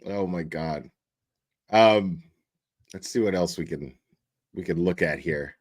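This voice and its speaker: A man's voice: low voice, slow, a little mellow, slightly rough, no echo. A man hosting a casual reaction commentary, profane and mocking, laughing often. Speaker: host.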